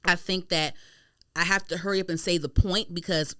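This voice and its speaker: A woman from Maryland hosting a podcast in casual chat. She talks fast into a studio mic, with tumbling restarts. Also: lowish voice, fairly even intonation, pushed and bright, no room sound. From Prince George's County, Maryland. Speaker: podcast host.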